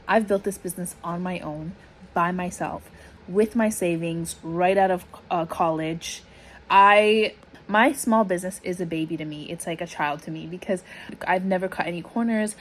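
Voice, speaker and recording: A woman, a small business owner talking in a heartfelt, animated way in a casual vlog. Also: lowish voice. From Toronto, Canada. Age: 30s.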